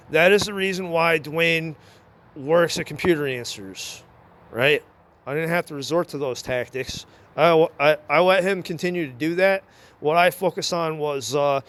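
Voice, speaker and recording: Man, slightly raised pitch, for an aggrieved, profane solo rant. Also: a bit bright. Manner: rambling, profane, aggrieved ranting. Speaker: former computer repair shop manager. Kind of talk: recorded monologue.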